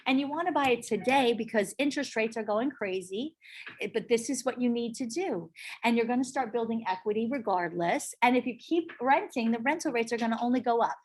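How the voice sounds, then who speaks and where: A middle-aged woman teaching a live real estate sales class, animated and often checking in with her listeners. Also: a little high, fairly quick. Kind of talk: live training talk to a class.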